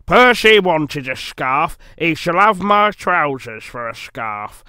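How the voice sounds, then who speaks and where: A man voicing a stout, stern male railway boss who is easily cross, talking loud and clipped. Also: on the high side, lively intonation, slow, clear, resonant tone, no echo, exaggerated voice. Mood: cross, scolding. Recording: music playing under the voice.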